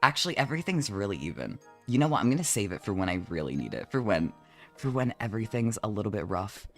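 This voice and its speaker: A man streaming from home as a vtuber, chatting casually while he draws, animated and jokey, swearing often and teasing his chat. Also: on the low side, quick pace, faint music behind.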